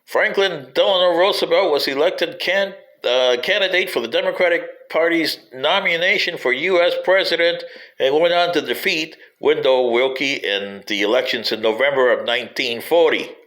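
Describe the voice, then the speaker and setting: A man's voice: a little high, normal speed, a bit bright, poor audio. A man giving a rambling spoken history commentary, digressive and wry, sometimes addressing politicians directly.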